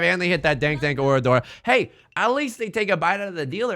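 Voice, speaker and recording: A man streaming a mahjong game and bantering with his chat in a hyped, self-mocking way, building up jokes and reacting loudly to risky plays. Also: on the high side, big pitch swings, normal speed, soft background music. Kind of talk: live-streamed mahjong commentary.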